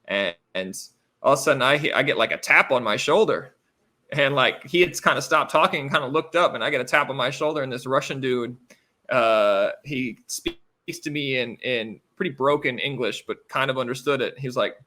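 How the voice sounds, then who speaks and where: An American man in his thirties with a bright, forceful voice tells stories from his career in a casual interview. He rambles through anecdotes at an easy middle pitch, full of fillers and restarts. He sounds animated and chatty. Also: moderate pace. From United States. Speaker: interview guest, professional basketball player. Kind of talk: casual storytelling.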